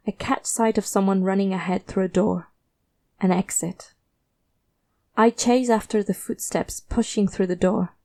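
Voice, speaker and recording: A woman narrating a first-person fiction story in a measured, tense, steady way. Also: mid-range voice.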